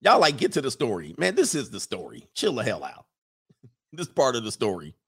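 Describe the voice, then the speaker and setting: A man, riffing in casual comedic commentary with animated, laughing, slangy storytelling. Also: medium pitch, moderate pace, husky. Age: 40s.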